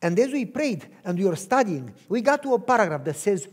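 A man preaches a sermon and tells his own story with earnest conviction. He speaks in short, measured phrases. His voice sits high for a man. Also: sing-song, husky. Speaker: pastor. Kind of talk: sermon testimony.

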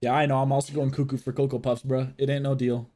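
A young male streamer casually commentates his gameplay for chat, excitable and jokey, swearing a lot as he talks to viewers. His voice is mid-range and he speaks quickly.

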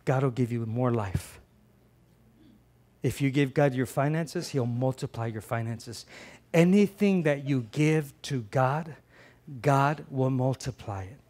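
A middle-aged man preaching a sermon as pastor, passionate, swinging from loud emphatic lines to quiet earnest ones and repeating phrases for emphasis. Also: medium pitch, measured pace.

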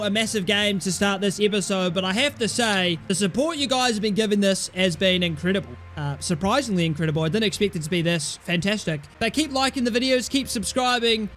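Young man yelling at a football game. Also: high voice, slight background noise. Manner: animated, yelling at players, swearing, mock outrage. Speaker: gaming commentator. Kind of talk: excited football game commentary.

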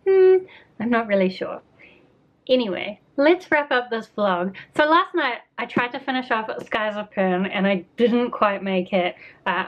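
A young woman with a New Zealand accent chatting casually about her reading week, self-deprecating and full of fillers. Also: a little high. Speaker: book vlogger. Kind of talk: casual vlog chat. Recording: slightly dull lo-fi sound.

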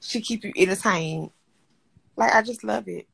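A woman co-hosting a casual livestream chat, animated and teasing, often breaking into laughter. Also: mid-range voice, normal speed, vocal fry, husky, no room sound.

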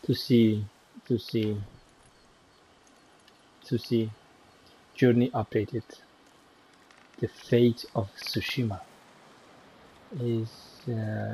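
A man gives casual gameplay commentary, talking slowly in a mellow, dark voice. He is chatty and talks to himself while he plays. A faint noise sits in the background. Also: lowish voice, flat delivery, poor audio.

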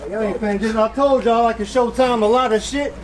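Very high-pitched, aggressive battle rapper. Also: male voice, steady tone, fast. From South Carolina. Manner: boastful, aggressive, breaks into shouts and hype ad-libs. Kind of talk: battle rap performance. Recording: noisy live event with crowd ambience.

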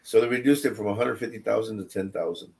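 A middle-aged man telling family stories while teaching a Bible study, animated and repeating phrases for emphasis. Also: fairly low pitch, fast, vocal fry. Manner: animated, repeats phrases for emphasis, jumps between quiet asides and loud quoted lines. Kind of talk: casual storytelling in a Bible study.

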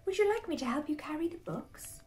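A woman's voice: high-pitched, expressive, brisk, darkish tone, faint music behind, pitched above the performer's own voice. A woman voicing an eager young boy fox in a storybook, speaking breathlessly and insisting all is fine.

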